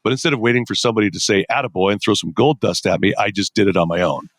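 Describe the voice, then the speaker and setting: A man's voice: fairly low pitch, very fast, no room sound. A middle-aged man, a podcast guest, telling stories energetically and acting out his own inner dialogue in a conversational interview.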